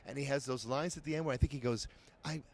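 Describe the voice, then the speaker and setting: An older man, a voice actor guest, telling lively stories at a convention interview and acting out the voices of people he quotes. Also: medium pitch, racing, slight background noise. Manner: animated, acts out quoted voices. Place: convention floor.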